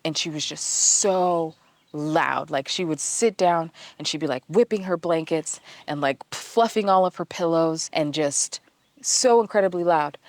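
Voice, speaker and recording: Low-pitched woman, candid self-mocking vlog storyteller, dry room. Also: no room sound. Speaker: vlogger. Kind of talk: personal storytelling.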